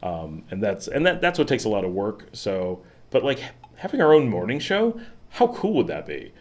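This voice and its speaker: A man with a slightly low voice talks loosely through a live stream, drifting from one thought to the next. He fills pauses with lots of ums and likes, and laughs now and then. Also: huge pitch swings, darkish tone. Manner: rambling, chatty, frequent fillers and laughs. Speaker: vlog host. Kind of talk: casual livestream chat. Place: at home in the city.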